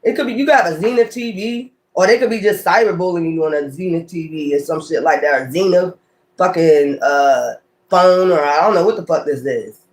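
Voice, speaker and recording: A tarot reader with a slightly high voice talks a little fast, speaking directly to his viewers during a casual reading, swearing often and laughing between cards.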